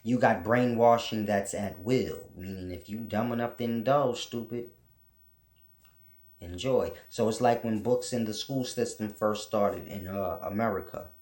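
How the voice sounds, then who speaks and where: A man's voice: fairly low pitch, unhurried, darkish tone, reverberant. A man hosting his own channel, delivering a casual, preachy monologue full of blunt, profane rants. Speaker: channel host teaching spiritual ideas.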